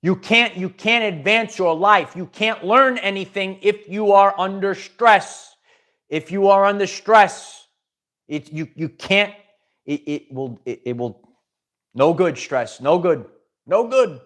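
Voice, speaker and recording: A man's voice: sits high, slow pace, fairly bright tone. A man hosting a live spiritual pep talk, speaking emphatically, repeating phrases and restarting his sentences often. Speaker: spiritual channel host.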